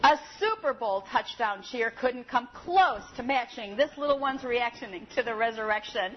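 A woman preaching a sermon and reading a story aloud with expressive, lively storytelling. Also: fairly high pitch, moderate pace, few pauses, background noise. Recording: slightly dull audio with faint ambience.

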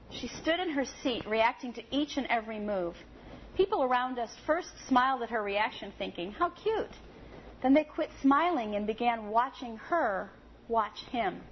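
Woman preacher, expressive storyteller, lively up-and-down voice, slightly high, dull audio, faint room noise. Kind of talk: sermon with a story read aloud.

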